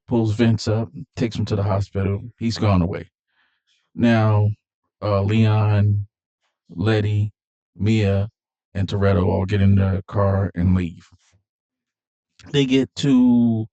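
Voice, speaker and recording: A man's voice: on the low side, mellow, dull audio. A man casually recapping a movie plot, rambling with fillers and repeated words. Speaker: movie reviewer.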